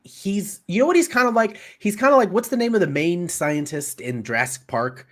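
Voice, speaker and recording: A man's voice: high voice, fairly quick, a bit bright. A man co-hosting a casual movie review chat, rambling and searching for words with lots of fillers. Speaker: podcast co-host.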